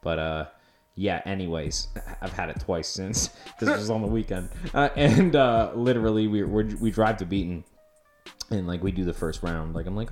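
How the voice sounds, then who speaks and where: Low-pitched male podcast co-host, animated storyteller, quick laughs, crude language. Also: soft background music. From Canada. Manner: animated, swearing storyteller who laughs often. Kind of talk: casual storytelling chat.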